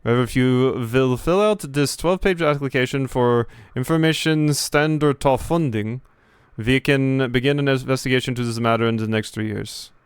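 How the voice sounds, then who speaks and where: A man's voice: medium pitch, moderate pace, clear, resonant tone, no room sound, studio quality, close to an everyday voice. A man voicing a stiff, self-important male German bureaucrat in a put-on German accent, speaking in an officious, clipped way.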